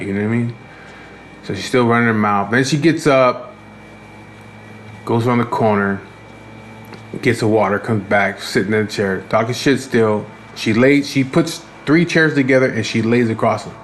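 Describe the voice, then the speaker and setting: A man's voice: on the low side, moderate pace, pauses often, slight background noise. A man casually telling a rambling, profane story about his day, tired and fed up. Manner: profane, rambling, frequent restarts. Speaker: vlogger.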